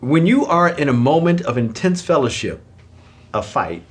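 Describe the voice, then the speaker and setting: A middle-aged man, a pastor, talking in an animated way in a conversational Q&A about marriage and joking about his own loudness. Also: on the high side, moderate pace.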